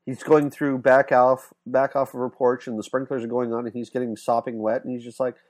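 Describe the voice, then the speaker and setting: A man's voice: mid-range voice, flat delivery, fairly quick, darkish tone. A man with a mid-range voice talks in casual podcast chat. He retells a story with energy and acts out the characters' lines. His speech is full of fillers.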